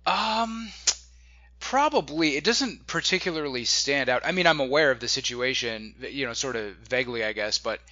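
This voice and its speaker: A young adult man hosting an interview, speaking in a measured, hedging way. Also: mid-range voice, lively intonation, bright, forceful tone, no room sound, lo-fi sound. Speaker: host. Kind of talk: interview conversation.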